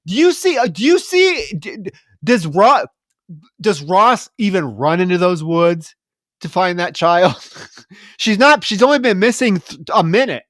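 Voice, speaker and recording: Mężczyzna, żywy, wulgarny współprowadzący podcast, suchy dźwięk. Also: male voice, sits high, unhurried, dry recording, studio quality. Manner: animated, profane, laughs often. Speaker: podcast co-host. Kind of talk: casual film recap chat.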